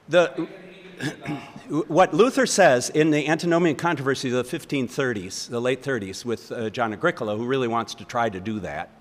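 A man's voice: medium pitch, in a large hall. An older man teaching a seminar, talking in a thoughtful, rambling way with restarts and chuckles. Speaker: seminary professor. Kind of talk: lecture with audience questions. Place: lecture hall.

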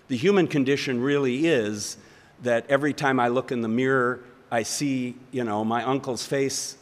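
In a lecture hall with a long reverb tail, an older man with a mid-range voice teaches a seminar. The seminary professor rambles thoughtfully through his lecture and audience questions, chuckling and restarting as he goes.

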